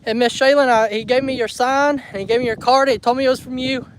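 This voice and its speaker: A man, chatting casually on a livestream from his homestead and coaxing his animals with soft, emotional talk. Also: extremely high pitch, steady tone, quick pace, slight background noise, poor audio. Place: outdoors on a rural homestead.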